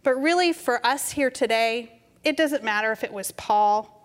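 A middle-aged woman preacher telling a story in a gentle, conversational sermon. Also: fairly high pitch, normal speed. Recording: reverberant hall.

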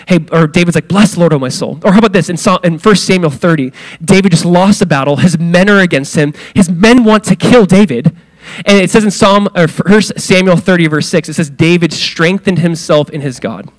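A man preaching with a slightly higher-pitched voice, talking loosely and casually. He fills his talk with "like" and jumps up and down in pitch when he acts out the quoted lines. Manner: conversational, many fillers, acts out quoted lines with big pitch swings. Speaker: pastor. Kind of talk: sermon.

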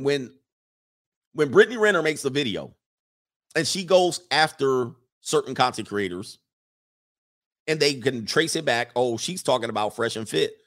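A man hosting a casual livestream, talking emphatically with many fillers and restarts and reading chat comments aloud. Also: medium pitch.

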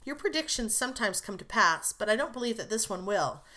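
A woman reading aloud voices a refined young girl in a storybook reading. She speaks earnestly and in measured phrases, aiming at ladylike manners. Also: fairly high pitch, lively intonation, sharp tone. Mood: composed.

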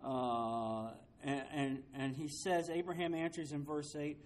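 High-voiced man teaching a Bible study. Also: little pitch movement, measured pace. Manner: emphatic, repeats key phrases, asks rhetorical questions.

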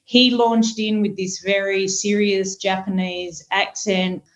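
A woman guest telling a casual workplace story in a relaxed, chatty way. Her voice sits at a middle pitch. The audio is somewhat dull and lo-fi. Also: slow pace. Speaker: panel guest, solution consultant.

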